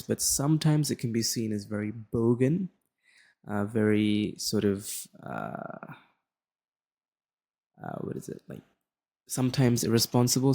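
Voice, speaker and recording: A young Australian man with a general Australian accent tutors a lesson in a casual, rambling manner, full of fillers and restarts. His voice is lowish, creaky and somewhat dark.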